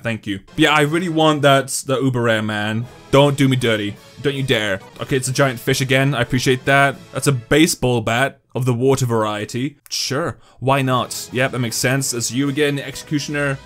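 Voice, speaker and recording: An excitable young man commentating on a mobile game in a lively voice that leaps up high and loud when he gets worked up. He sits a little higher than most men, and faint music plays behind him. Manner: excitable, swings into loud high-pitched outbursts. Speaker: gaming YouTuber. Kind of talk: casual gameplay commentary.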